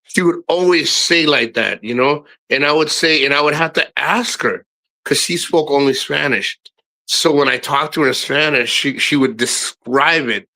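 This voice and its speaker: A middle-aged man with a bright, forward voice that sits slightly high for a man, chatting to his stream viewers. He talks frankly and loosely, often restarting his sentences and swearing as he goes. He speaks straight to his audience. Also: normal speed. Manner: rambling, frank, swears freely, many restarts; addresses viewers directly. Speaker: live streamer. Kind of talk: casual livestream chat.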